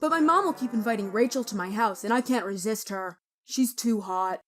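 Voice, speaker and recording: A woman's voice: on the high side, brisk, close to an everyday voice. A woman voicing a young man in a storytime video, casual and easygoing in manner. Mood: smitten. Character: young man, boyfriend torn between two girls.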